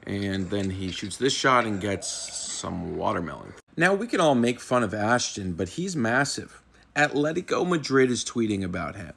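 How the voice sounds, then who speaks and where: A man's voice: fairly low pitch, creaky, fairly bright tone. A man giving a casual, wry commentary that explains a viral meme, chuckling now and then. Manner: amused, wry, chuckles at times. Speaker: internet commentator.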